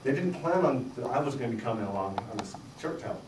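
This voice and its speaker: A middle-aged man giving a humorous talk before an audience, spinning animated, self-mocking stories. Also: medium pitch, fast talker, reverberant, far from the mic, background noise. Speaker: speaker. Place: live event room with audience.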